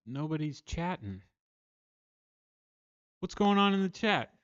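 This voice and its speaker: A man's voice: fairly high pitch, big pitch swings, takes it slowly, clean tone, no room sound, muffled recording. Stammering, rambling man chatting on a stream. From Maryland, USA. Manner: rambling, self-deprecating, stammers and restarts. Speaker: livestream host and songwriter. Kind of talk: casual livestream chat.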